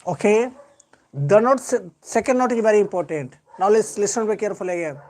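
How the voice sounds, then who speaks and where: A man's voice: high voice, animated, quick pace, darkish tone, slight background noise. A man with an Indian English accent teaching an English grammar lesson live, lecturing earnestly and repeating key points with heavy stress.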